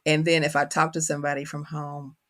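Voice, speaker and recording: A country-accented, middle-aged woman from Kentucky, appearing as an author in a reflective interview, speaks briskly in a low, monotone voice with a fairly bright tone. She's thoughtful and searches for her words.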